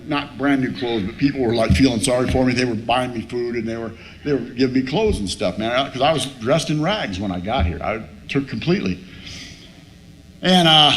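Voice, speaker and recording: A man speaking at a recovery meeting, telling a funny personal story with plenty of cussing and acted-out moments. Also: mid-range voice. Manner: salty, swearing storyteller who acts out his past self. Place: meeting room.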